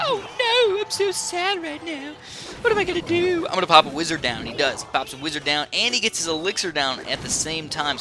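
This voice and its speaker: Fast-talking excitable man over music. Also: fairly high pitch. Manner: excitable, with sudden exclamations; rambling, with many fillers. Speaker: gameplay commentator. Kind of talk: casual game commentary. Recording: clear music under the voice. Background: background music.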